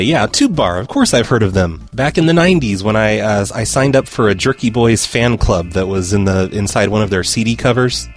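Dry, sarcastic male podcast host. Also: on the low side. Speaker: podcast host answering voicemails. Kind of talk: casual chat.

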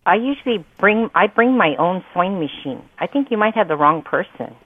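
A woman's voice: fairly low pitch, expressive, a little fast, breathy edge. A woman answering a phone call, polite, puzzled and patient. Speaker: prank call target. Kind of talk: phone conversation. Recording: tinny phone line.

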